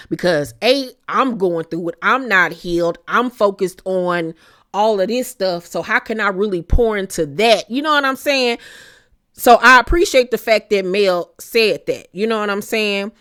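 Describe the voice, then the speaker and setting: A young adult woman giving casual, profane commentary that recaps a reality show, blunt and animated, with plenty of slang and asides. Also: medium pitch, dry recording, studio quality. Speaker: recap vlogger.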